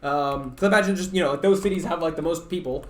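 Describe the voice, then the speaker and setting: A young Canadian livestreamer chats casually with his viewers in a fairly high, fast voice, rambling and stuttering with plenty of fillers. The recording has a roomy echo.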